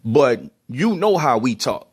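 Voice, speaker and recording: A man's voice: mid-range voice, very animated, unhurried, breathy edge. A man from Baltimore with a heavy Baltimore accent, talking casually to camera with plenty of ums and restarts. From Baltimore, USA. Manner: conversational, many ums and repeated words. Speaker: vlogger.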